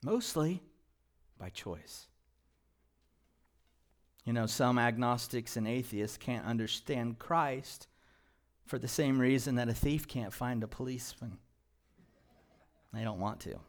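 A male pastor preaching a sermon in a church, moving from quiet, low passages to loud, emphatic ones. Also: slow, long pauses. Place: church sanctuary.

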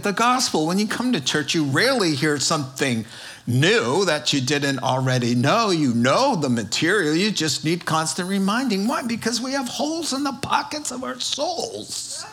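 A man's voice: on the high side, a bit bright. A male pastor preaching a sermon in a conversational way, with emphatic rises on key words and frequent fillers.

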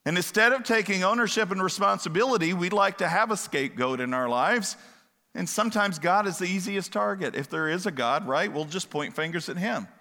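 A man's voice: high-pitched, a little fast, pushed and bright. A man preaching a sermon in a conversational way, asking his listeners questions and wandering into digressions. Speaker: pastor. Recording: long hall reverb.

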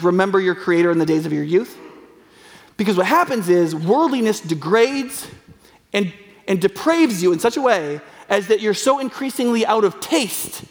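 High-voiced preacher man in a reverberant hall. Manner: earnest, conversational preaching with frequent fillers. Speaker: pastor. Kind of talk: sermon.

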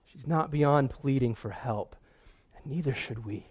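A man's voice: mid-range voice, a little slow, darkish tone, husky. A man preaching a sermon in an earnest way, often repeating a word as he restarts. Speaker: pastor.

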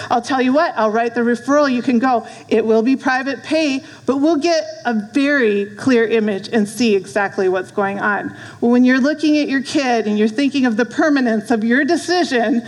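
A woman's voice: a little high, moderate pace, hardly any pauses. Woman preaching in a reverberant hall. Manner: earnest storytelling with asides to the room. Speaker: guest speaker. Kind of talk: sermon. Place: church hall.

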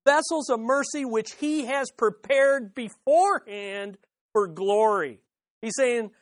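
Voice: mid-range voice, animated, slow pace, no echo, clean studio sound. A pastor preaching an expository sermon, stressing and repeating key phrases and asking rhetorical questions, then answering them. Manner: swings between loud peaks and hushed asides.

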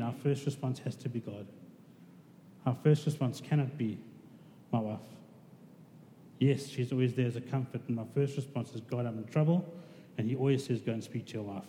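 Mellow and medium-pitched, a male preacher gives a conversational sermon and directs questions to his congregation. His voice echoes in a reverberant hall with faint noise.

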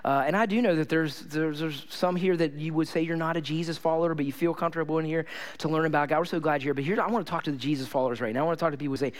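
A man's voice: fairly high pitch, fairly even intonation, rapid-fire. A male pastor preaching a sermon, telling stories animatedly and repeating phrases for emphasis.

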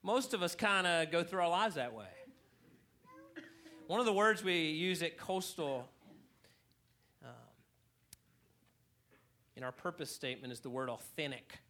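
A male pastor preaches to his congregation in a high, bright voice. He tells a funny story in an animated way, getting louder to stress his points. His tone is lively and pointed. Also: measured pace, pauses often. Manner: animated storyteller, rising in volume for emphasis. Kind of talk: sermon with a humorous story. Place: church hall.

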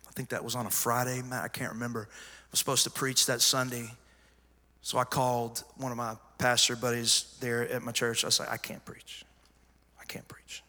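A middle-aged pastor preaching from the pulpit, his voice very bright and forceful. He tells his story with emphasis and drops to near-hush before rising again. The sound carries the long reverb of a big church hall. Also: medium pitch, flat delivery, brisk. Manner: emphatic storyteller, swinging from hushed asides to loud cries. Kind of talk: sermon testimony. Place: large church sanctuary.

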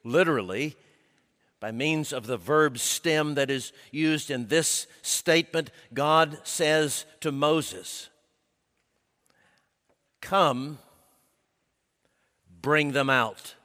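Slow, emphatic preacher in an echoing hall. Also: male voice, fairly high pitch. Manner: emphatic, dropping to hushed intensity. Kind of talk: sermon. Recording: long reverb of a large hall.

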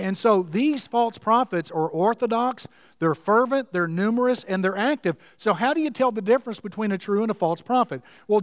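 A man's voice: sits high, no echo, clean studio sound, long reverb tail. A man preaching a sermon, emphatic and fervent, repeating key words to drive his points home.

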